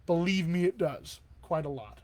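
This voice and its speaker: Upbeat man with a slightly high voice. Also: lively intonation, normal speed, darkish tone. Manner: upbeat and encouraging, often checks in with "all right?". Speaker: dialect coach. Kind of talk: live online Q&A answering viewer questions.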